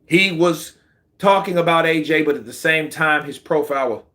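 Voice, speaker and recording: A man hosting casual boxing commentary, slangy and animated, answering viewer comments. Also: a little high, normal speed, slight background noise. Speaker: boxing channel host.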